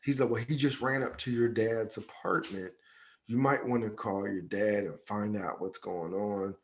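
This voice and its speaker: A man's voice: on the low side, fairly even intonation, moderate pace. A man co-hosting a podcast, telling a personal story in loose everyday speech and acting out the lines of the people in it. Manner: loose, conversational, acts out quoted dialogue, repeats "yada, yada". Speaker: podcast co-host. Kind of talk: personal storytelling in casual chat.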